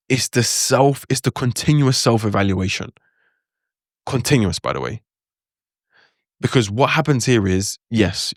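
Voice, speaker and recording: A man's voice: lowish voice, dry recording, studio quality. A young man giving a casual spoken lesson, chatty and reflective, full of "like" fillers and asides. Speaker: language teacher.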